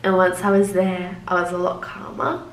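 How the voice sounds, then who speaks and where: A woman's voice: on the low side, level tone, moderate pace, background noise. A young woman casually telling a personal story to camera in a loose, chatty way, full of "like" fillers. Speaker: vlogger. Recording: roomy echo.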